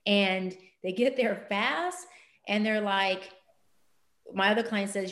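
A woman speaking as a life coach guest in a podcast interview, animated, acting out conversations with her clients in big leaps of voice. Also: mid-range voice, takes it slowly, reverberant.

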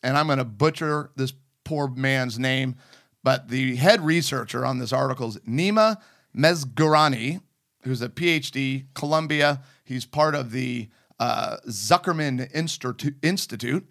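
Man, talk show host, casual chat, excitable, rambling, average pitch. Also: unhurried. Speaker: podcast host.

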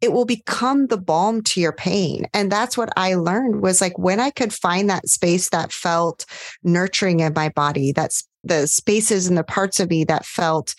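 A woman coach as a podcast guest, talking gently and soothingly, full of warm affirmations. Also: lowish voice, unhurried, dry recording, studio quality. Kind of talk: podcast interview.

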